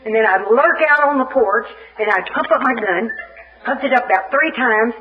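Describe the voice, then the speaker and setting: A woman from Little Rock, Arkansas, spins a funny personal story for a recovery meeting. She acts out each scene with lively, comic timing. The sound is a dull, muffled archive tape. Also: a little high, moderate pace. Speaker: speaker at a recovery fellowship meeting. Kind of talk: humorous personal storytelling share.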